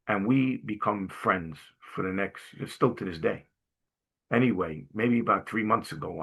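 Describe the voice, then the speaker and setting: A middle-aged man from Brooklyn, a jovial, animated guest speaker telling stories to a class and often clearing his throat. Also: on the low side. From Brooklyn, New York. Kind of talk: storytelling talk to a class.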